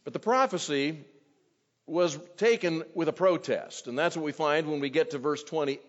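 A man's voice: a little high, moderate pace. A man preaching an earnest expository sermon to his congregation, his voice rising when he quotes scripture. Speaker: pastor. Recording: dull, long hall reverb.

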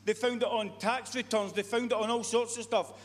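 A man's voice: very high voice, steady tone, brisk. A man preaching a sermon, earnest and repetitive, often restarting his sentences. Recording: long reverb of a hall.

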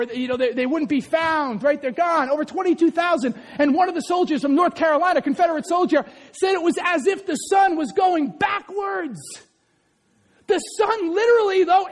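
Male preacher, very high-pitched, animated, shouts then drops to asides, keeps checking in with "right?". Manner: keeps asking the congregation "right?". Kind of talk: sermon.

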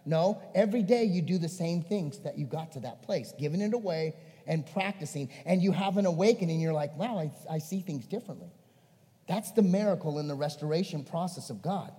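A male pastor preaching a sermon, swinging between emphatic and hushed. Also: on the high side, fairly quick, big-room sound.

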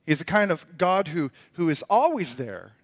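Middle-aged pastor preaching a storytelling sermon. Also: male voice, on the high side, sing-song, normal speed. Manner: storytelling, rising from quiet reflection to emphatic preaching.

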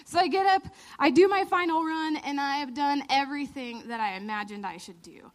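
A woman in her thirties giving a lively storytelling sermon, laughing often and acting out the lines she quotes. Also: high voice, moderate pace. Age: 30s. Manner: animated, laughing storyteller who acts out quotes. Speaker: church speaker.

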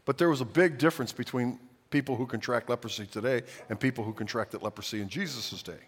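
A man preaching a sermon as pastor, swinging from hushed lines to loud, dramatic outbursts. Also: mid-range voice, quick pace, slightly rough. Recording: long hall reverb.

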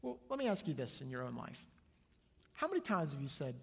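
Gravelly pastor man preaching in a hall. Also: medium pitch, sing-song, fairly quick. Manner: earnest, shifts between soft and loud. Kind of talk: sermon. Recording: long hall reverb.

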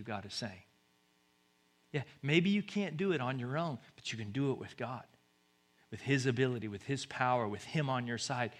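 A man preaching a sermon, swinging from loud exhortation to hushed, near-whispered lines and repeating short urgent phrases. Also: medium pitch, fairly quick. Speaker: pastor.

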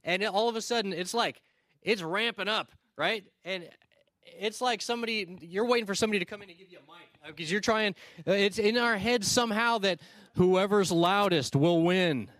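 A male pastor preaching a sermon, telling stories in a conversational way with quick asides and restarts. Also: high voice, a bit bright, no room sound. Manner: storytelling, conversational with quick asides and repeated starts.

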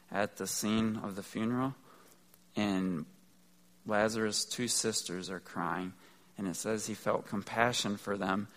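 Man, pastor, conversational sermon, earnest, slightly low voice. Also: a bit bright. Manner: conversational, earnest, explains step by step. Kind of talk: sermon teaching.

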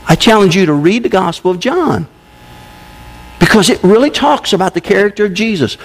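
A man preaching a sermon to a congregation, emphatic, with sudden swings between loud and hushed delivery. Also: high-pitched, gravelly. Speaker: pastor. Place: church service.

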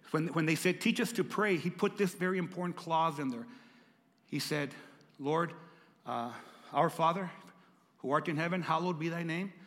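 A man's voice: a little high, a bit bright, long reverb tail. A male pastor preaching a sermon, dramatic and repeating lines for emphasis as he calls out to the congregation. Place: church.

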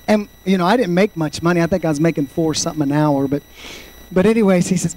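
A man in his fifties preaching a sermon, fervent, swinging between loud shouts and quiet storytelling. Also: high-pitched, fairly even intonation, quick pace, slight background noise, low-quality recording. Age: 50s. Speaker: pastor.

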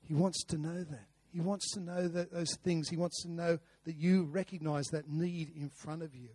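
A man's voice: on the high side, fairly even intonation, moderate pace, dark tone, slightly rough, no echo. A man preaching a sermon, earnest, with rhetorical questions and repeated words. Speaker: pastor. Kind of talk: sermon with a told story.

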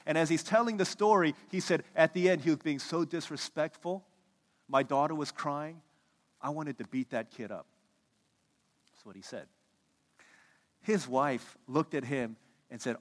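A man preaching a sermon, animated, acting out the voices of the people he quotes. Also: fairly high pitch, a little slow, long pauses, big-room sound. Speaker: pastor.

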